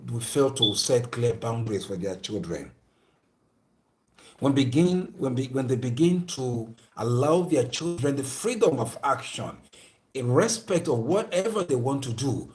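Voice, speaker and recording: A man's voice: medium pitch, darkish tone. A man gives an emphatic, moralizing lecture to his viewers and often repeats his phrases. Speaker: speaker addressing viewers.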